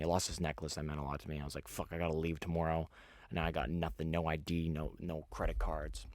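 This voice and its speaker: A man's voice: deep voice, no echo, clean studio sound. A young man hosting a podcast, telling a rambling story in casual chat, full of fillers and restarts. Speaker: podcast host.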